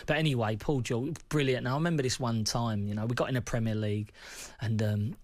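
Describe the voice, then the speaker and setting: A man, a former footballer telling stories in a relaxed podcast chat, slangy and often laughing. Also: mid-range voice, quick pace, dry recording, clean studio sound. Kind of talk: casual podcast storytelling.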